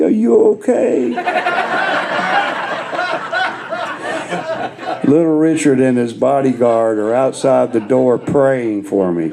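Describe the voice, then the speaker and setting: A man, a guest guitarist, telling laid-back, self-mocking stories on stage with a gravelly voice. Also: mid-range voice, background noise. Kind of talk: live storytelling on stage.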